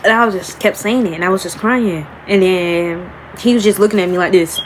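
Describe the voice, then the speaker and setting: A woman's voice: fairly low pitch, slight background noise, poor audio. A young woman, telling a personal story to camera in a rambling, emotional way and calling her viewers y'all, stretching out the key words. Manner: emotional, rambling, addresses viewers as y'all, slows and rises on emphasis. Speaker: vlogger. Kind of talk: storytime vlog talking to camera.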